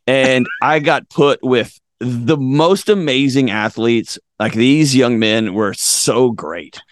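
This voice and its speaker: A man's voice: mid-range voice, slow, a little hiss or hum. A middle-aged man telling a story on a podcast, acting out voices and laughing at himself. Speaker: podcast guest. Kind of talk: animated storytelling in conversation.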